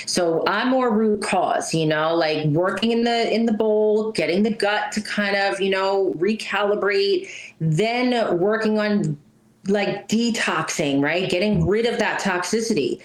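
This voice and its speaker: A woman's voice: lowish voice, roomy sound, low-quality recording. A woman speaking as a pet wellness guest in a casual interview, blunt and chatty, often adding "right?" and "you know".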